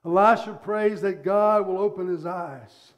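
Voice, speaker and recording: A male pastor delivers a sermon, telling the story with animation and acting out its scenes. His voice is high and his pace a little slow.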